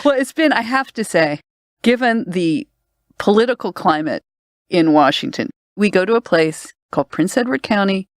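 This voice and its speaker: A middle-aged woman from Canada co-hosting a podcast in casual, animated chat, laughing often as she tells stories. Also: medium pitch, moderate pace, no room sound, studio quality. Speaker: podcast co-host. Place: recording studio.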